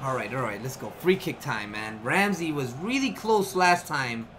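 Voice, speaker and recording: A man giving live commentary on his own video game play, excitable and often frustrated, tossing in "man" and "yo" a lot. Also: mid-range voice, moderate pace, a little hiss or hum. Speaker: gaming YouTuber.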